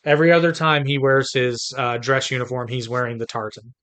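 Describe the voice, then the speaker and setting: A man's voice: medium pitch, little pitch movement, fairly quick, fairly bright tone. A man from the United States co-hosting a podcast in casual chat, chatty and rambling with frequent restarts. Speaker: podcast co-host.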